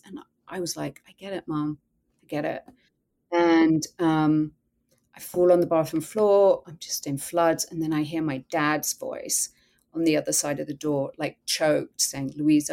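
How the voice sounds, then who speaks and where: A woman's voice: low-pitched, vocal fry, a little mellow. A woman guest telling a personal story in a podcast interview, earnest and candid, often quoting her own thoughts.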